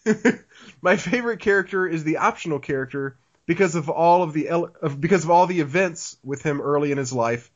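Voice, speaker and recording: Male podcast co-host, slightly high voice, animated and laughing, muffled lo-fi audio. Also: brisk. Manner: animated, laughs often, reads listener email aloud. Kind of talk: casual podcast chat.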